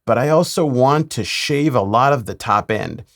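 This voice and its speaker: A man, a mix engineer, talking through a mixing tutorial in a relaxed way with playful asides. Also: mid-range voice, moderate pace, gravelly, hardly any pauses.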